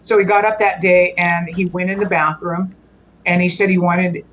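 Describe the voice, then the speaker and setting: A woman's voice: on the low side, steady tone, moderate pace, fairly bright tone, muffled recording, slight background noise. A woman, a guest on the show, telling a long personal story in earnest conversational style, restarting and correcting herself often. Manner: rambling, frequent restarts and self-corrections.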